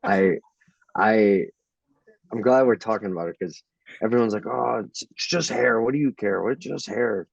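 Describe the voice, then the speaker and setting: A man's voice: fairly low pitch, normal speed, gravelly, no echo. Young man telling stories, dull dry sound. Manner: laughing, animated storyteller acting out quotes. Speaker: fighter. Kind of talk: casual interview.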